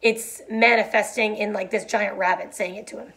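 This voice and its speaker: A woman's voice: mid-range voice, steady tone, moderate pace, gravelly, a bit bright. A woman reading a novel aloud and explaining it casually, with many fillers.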